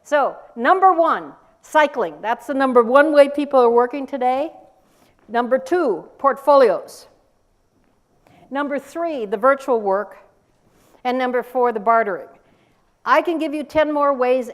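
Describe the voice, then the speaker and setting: An older woman delivers a conference talk in a fairly high voice. She is lively and emphatic, and she keeps turning her points into questions for the audience. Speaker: workforce speaker.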